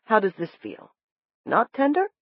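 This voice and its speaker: A woman voicing a gentle male doctor who coaxes and reassures a frightened patient. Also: mid-range voice, huge pitch swings, a little slow, no echo, pitched above the performer's own voice, full character voice. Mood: reassuring. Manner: coaxing, reassuring. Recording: dull lo-fi dry recording.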